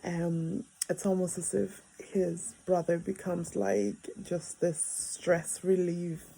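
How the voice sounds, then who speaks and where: A woman's voice: on the low side, flat delivery, slow pace, gravelly, mellow, breathy edge, rough recording. A woman in her thirties, a mother telling a family story in a casual, rambling way with many fillers, recorded in a bedroom. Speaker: vlogger, mother.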